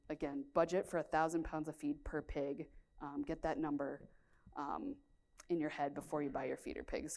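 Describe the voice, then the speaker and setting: A woman's voice: deep voice, darkish tone. A woman farmer presenting a conference talk with slides, speaking candidly with many fillers.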